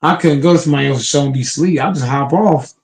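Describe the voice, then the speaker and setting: A man's voice: a little high, fast talker, rough recording. A man hosting a casual online sports panel, talking emphatically and profanely, often repeating words as he restarts.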